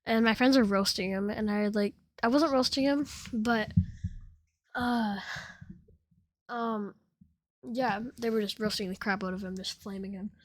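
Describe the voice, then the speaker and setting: A woman's voice: medium pitch, steady tone, a little slow, long pauses, dry recording. A teenage girl telling a school story time in casual chat, rambling with many fillers and giggles. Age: teens. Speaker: storytime vlogger.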